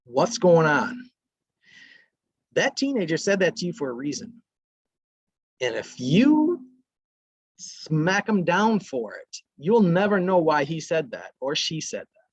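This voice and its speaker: A man's voice: on the high side, sing-song, a little slow, breathy edge, no room sound, highs cut off. A man presenting a parenting workshop, talking casually and acting out short lines from parents and kids. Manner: conversational, acts out parents and kids in brief quotes.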